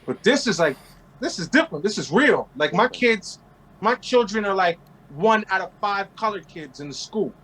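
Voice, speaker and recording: Interview guest: man in his forties from Queens, brash and profane, high voice. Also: expressive, normal speed, a bit bright, a little hiss or hum, rough recording. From Queens, New York. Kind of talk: casual interview storytelling.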